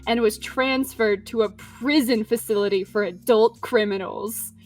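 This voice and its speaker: A woman's voice: a little high, a little slow, a little mellow, distant mic, soft background music. A woman reading a webtoon's narration aloud with friends, breaking off to make joking comments. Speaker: webtoon reader. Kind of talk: casual comedic read-along.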